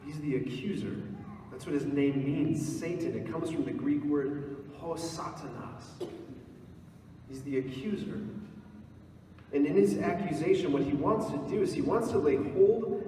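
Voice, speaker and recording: A man, a priest, giving a retreat sermon, asking earnest repeated questions and slowing down for emphasis. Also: on the high side, warm tone, slight background noise. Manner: earnest, repetitive rhetorical questions, slows for emphasis. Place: church. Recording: echoey church hall, speaker far from mic.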